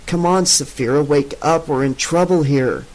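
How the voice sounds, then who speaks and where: A man's voice: a little high, moderate pace, close to an everyday voice, low-quality recording. A man voicing an urgent young woman trying to rouse a friend, in an audiobook.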